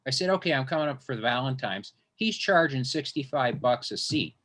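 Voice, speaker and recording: Brief: male stand-up comic hosting an interview, mid-pitch voice, rambling, restarts a lot, swears freely. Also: animated, a little fast, fairly bright tone. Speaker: interview host and stand-up comedian. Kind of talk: casual storytelling in an interview.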